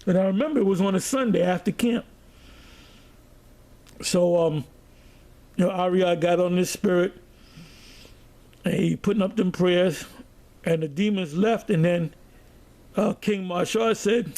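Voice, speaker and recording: Gravelly high-voiced New preacher. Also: male voice, normal speed, long pauses, mellow. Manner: storytelling, reads scripture aloud. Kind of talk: sermon.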